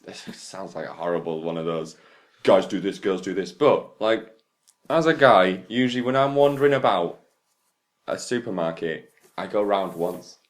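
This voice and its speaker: A young man with a low, expressive voice talks at a normal pace while co-hosting a casual podcast from an attic room. He chats loosely, swears freely and trades laid-back banter.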